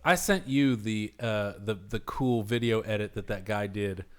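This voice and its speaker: A man's voice: fairly low pitch, a little slow, clean tone. A man in casual podcast chat, rambling and cursing freely as he retells film scenes. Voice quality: profane, rambling, animated retelling. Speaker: podcast host.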